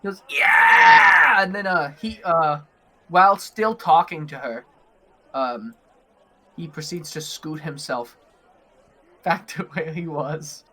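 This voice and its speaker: Bright-voiced young man running a game. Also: fairly high pitch, slow pace, pauses often. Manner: rambling, giggly, filler-heavy narration. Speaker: game master. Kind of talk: narrating a tabletop game.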